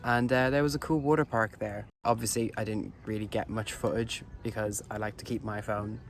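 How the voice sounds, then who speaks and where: A man's voice: fairly low pitch, fairly even intonation, a little fast, slight background noise. A young man rambling casually and swearing as he vlogs his trip to camera. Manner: rambling, sweary, self-mocking. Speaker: vlogger. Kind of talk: casual travel vlog.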